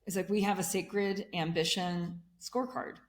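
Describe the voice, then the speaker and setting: A woman's voice: lowish voice, steady tone, normal speed. A woman in a conversational interview who explains energetically and builds her points in repeated lists. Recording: echoey room.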